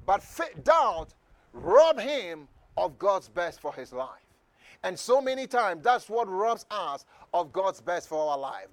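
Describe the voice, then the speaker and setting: A man preaching a sermon as pastor, fervent and rising to shouted calls for the congregation to repeat after him. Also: high voice, sing-song, slow pace, dry recording.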